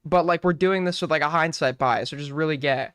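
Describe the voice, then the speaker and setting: A male streamer with a high, crisp voice rambles through crude, irreverent commentary. The sound is dry and close. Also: brisk, fairly bright tone, no room sound. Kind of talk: casual live-stream commentary.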